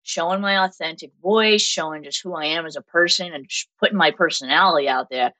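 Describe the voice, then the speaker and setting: A woman in her twenties with a Massachusetts accent, telling stories as an interview guest in an animated way with frequent laughter. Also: low-pitched, fairly quick, poor audio. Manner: animated storytelling, laughs often. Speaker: guest makeup artist. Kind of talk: casual interview chat.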